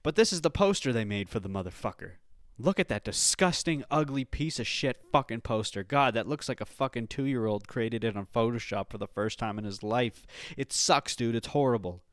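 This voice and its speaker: A young man hosting his own podcast, ranting loudly and swearing constantly in a casual, agitated way. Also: mid-range voice, normal speed, hardly any pauses, no room sound, clean studio sound. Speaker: podcast host. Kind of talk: casual profane rant.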